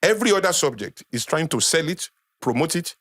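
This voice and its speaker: A man's voice: on the high side, lively intonation, a little fast, fairly bright tone, no echo. Emphatic Nigerian man, dry studio sound. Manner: emphatic, repeats phrases for effect, lecturing. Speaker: guest speaker. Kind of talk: passionate podcast talk.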